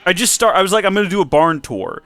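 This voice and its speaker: This Minecraft channel host runs a let's play in a playful, mock-presenter style, rambling and correcting himself along the way. His voice is high-pitched, expressive and slightly bright, he talks fast, and there's no room sound.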